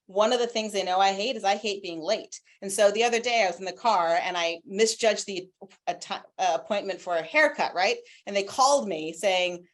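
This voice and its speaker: Animated woman sharing parenting advice. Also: medium pitch, brisk. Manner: warm, animated, with anecdotes. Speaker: guest parenting expert. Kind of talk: conversational expert answers. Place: home.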